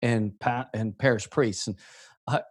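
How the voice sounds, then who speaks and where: A man's voice: medium pitch, unhurried, husky, no room sound, clean studio sound. A man hosting a podcast, a coach who tells stories animatedly and acts out the dialogue. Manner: animated storyteller acting out dialogue. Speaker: host, coach. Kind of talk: casual podcast conversation.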